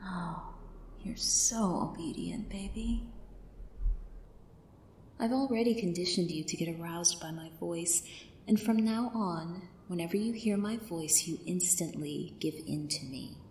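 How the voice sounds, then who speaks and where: A woman in a commanding yet soothing whispered role-play, drifting between a soft voice and a whisper. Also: fairly low pitch, measured pace. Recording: roomy echo, faint background hiss.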